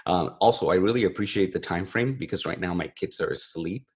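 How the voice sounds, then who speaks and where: A man's voice: deep voice, a little fast. A man co-hosting a podcast over a remote call, chatting casually and rambling with self-deprecating jokes. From California. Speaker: podcast co-host. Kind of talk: casual chat.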